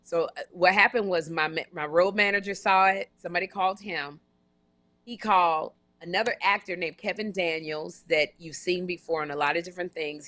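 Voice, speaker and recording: A woman co-hosting a comedy podcast live stream, telling a long story in an animated, run-on way with frequent restarts and blunt jokes. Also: on the low side. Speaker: podcast co-host.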